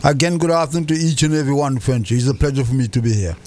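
A man's voice: medium pitch, steady tone, racing, darkish tone. A man, a radio guest who greets listeners politely and talks earnestly about church and prayer. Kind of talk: casual on-air chat.

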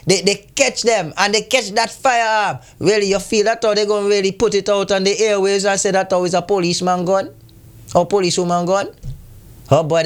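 High-voiced man scolding his listeners. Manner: preachy, scolding, asks rhetorical questions. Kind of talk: impassioned community commentary.

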